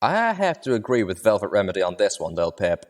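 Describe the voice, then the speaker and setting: A man's voice: fairly low pitch, sing-song, a little fast. A man doing a blunt drawling pony stallion. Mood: stern. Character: gruff male pegasus pony mercenary.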